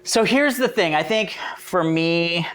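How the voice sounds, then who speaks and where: A man's voice: fairly high pitch, slow pace, a crowd in the background. A man in his forties co-hosting a podcast, teasing and joking in casual banter. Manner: animated, teasing, laughs and swears a lot. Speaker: podcast co-host. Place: studio.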